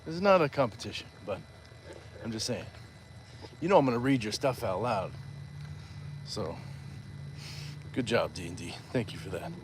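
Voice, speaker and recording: A man's voice: on the low side, lively intonation, normal speed, long pauses, noisy background. A man hosting a livestream on a walk, reading viewer comments aloud in a playful, chatty way. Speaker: livestream host reading chat. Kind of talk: casual livestream chat while walking. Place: outdoors on a walk.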